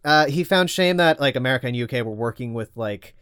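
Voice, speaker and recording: A man talking casually as a podcast co-host, rambling through his story with lots of fillers and the odd curse. His voice sits at a middling pitch. The sound is dry and close, with little room echo. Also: expressive, quick pace, a bit bright, smooth. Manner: rambling, heavy with fillers and swearing. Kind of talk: casual chat.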